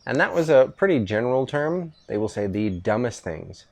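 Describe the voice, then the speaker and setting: A man's voice: medium pitch, big pitch swings, moderate pace. A middle-aged man hosting a podcast on an outdoor veranda, chatting casually with his son and rambling through stories. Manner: rambling, easygoing storytelling with restarts. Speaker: podcast host. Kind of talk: casual father-son chat.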